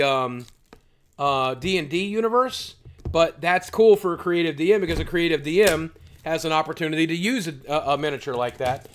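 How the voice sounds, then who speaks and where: Rambling, somewhat high-voiced male streamer. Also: a bit bright. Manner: rambling, answers chat questions aloud; blunt and profane. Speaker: livestream host. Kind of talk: casual livestream chat.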